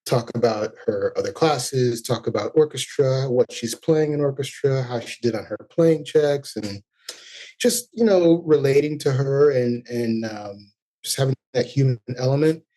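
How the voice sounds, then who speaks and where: A man's voice: medium pitch, normal speed, mellow. A man, a music educator, talking through his thoughts as a podcast guest in a reflective, earnest way. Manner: reflective, earnest, speaks in long thoughtful runs. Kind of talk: casual interview chat.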